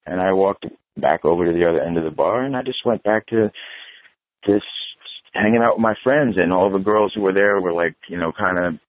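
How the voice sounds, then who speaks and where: Deep-voiced man telling a profane story. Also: brisk, no room sound, phone-quality sound. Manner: animated, profane, laughs through stories. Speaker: podcast guest. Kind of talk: casual storytelling.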